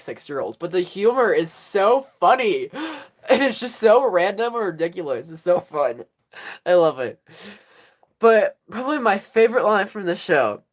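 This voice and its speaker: A woman chats through a casual fan livestream, her voice sitting a little low. She rambles from thought to thought, giggling often and pausing to cough. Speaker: livestream host.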